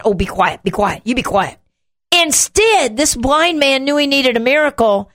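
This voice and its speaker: A woman hosting a show, teaching from the Bible in an animated way and acting out the quotes. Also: on the high side. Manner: animated, acts out the quotes, shouts them.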